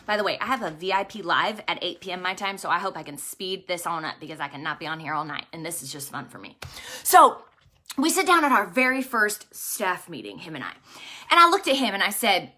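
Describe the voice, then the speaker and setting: A woman in her thirties who leads a ministry, telling a personal story in a casual, excitable livestream chat. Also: lowish voice, a little fast. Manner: animated, excitable, talkative storyteller. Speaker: ministry leader and vlogger.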